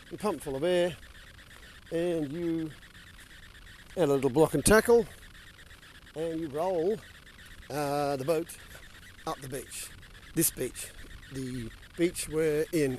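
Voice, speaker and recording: A man's voice: on the high side, darkish tone, slight background noise. An older man, joking and swearing as he shows a boatyard in a casual vlog. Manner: crude, joking, swears freely. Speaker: boat builder and vlogger. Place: outdoors at a shipyard.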